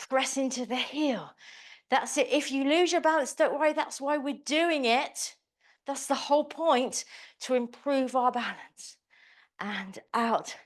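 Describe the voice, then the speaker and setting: A woman teaching a live online pilates class, cueing moves with chirpy encouragement and chatty asides. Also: fairly high pitch. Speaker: pilates instructor.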